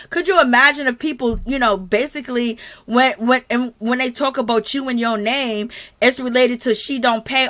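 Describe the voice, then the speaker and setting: Woman, gossipy recap host, fairly high voice, chatty. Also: fairly even intonation, moderate pace, fairly bright tone. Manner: chatty, gossipy, addresses viewers as girl. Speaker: commentary channel host. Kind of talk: casual recap chat reading viewer comments.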